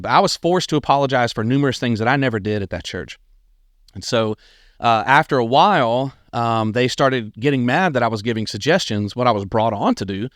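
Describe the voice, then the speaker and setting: A man, telling his own life story on a podcast in an earnest, animated way. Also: mid-range voice, fast, no echo, studio quality. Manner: earnest, animated, acts out quoted people. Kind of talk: casual personal storytelling.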